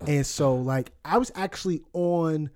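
A man's voice: on the high side, unhurried. A young man casually telling a story, acting out what people said. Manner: animated storytelling with quoted dialogue. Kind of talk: casual chat.

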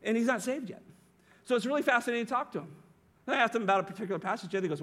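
A pastor preaching with a notably high-pitched voice. He leans hard on key words and keeps asking the congregation rhetorical questions. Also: expressive, very fast, fairly bright tone. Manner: emphatic preaching, rhetorical questions, occasional laughs. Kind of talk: sermon.

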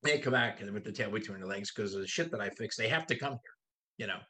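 A man's voice: fairly low pitch, lively intonation, fast talker, sharp tone. A man in his sixties, a body shop owner, talking bluntly and with profanity as a podcast guest. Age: 60s. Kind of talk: casual podcast conversation.

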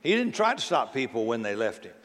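Very animated and fairly quick, a male pastor with a medium-pitched, fairly bright voice preaches conversationally, tossing rhetorical questions to the congregation. The large sanctuary adds a long reverb.

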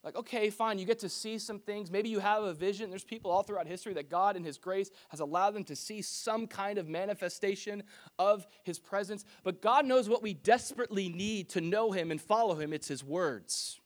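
A man's voice: sits high, a little fast. A man preaching a sermon to his church as pastor, in a conversational style that mixes personal stories with scripture.

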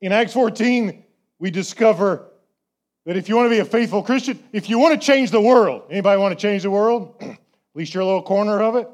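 A pastor preaching a sermon, chatty and full of rhetorical questions, slowing down to stress key words. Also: male voice, sits high, a little mellow.

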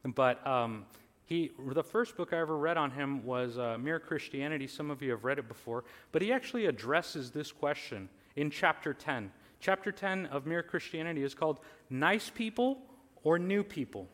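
A man's voice: a little high, lively intonation, moderate pace, fairly bright tone, big-room sound. A man preaching a sermon earnestly, his voice swelling on lists, with casual fillers and restarts. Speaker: pastor.

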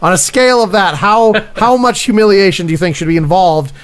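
A man's voice: high-pitched, animated, a little fast, clear, resonant tone. A man playing a petty call review supervisor. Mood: deadpan. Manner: rambling, hesitant, full of 'uh'. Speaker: improviser. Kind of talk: improv comedy scene.

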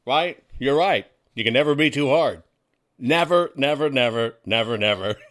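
A man's voice: mid-range voice, expressive, normal speed, fairly bright tone. A man hosting a casual talk show, talking in a folksy, combative way and throwing rhetorical questions at his listeners. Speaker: host.

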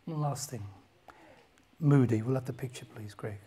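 A man preaching a sermon as a pastor, impassioned and swinging from loud outbursts to hushed whispers. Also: mid-range voice, moderate pace, rough recording.

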